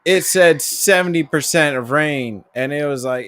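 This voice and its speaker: A man's voice: medium pitch, moderate pace, hardly any pauses, fairly bright tone. A young man co-hosting a podcast in casual chat, rambling with lots of fillers and cursing. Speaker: podcast co-host.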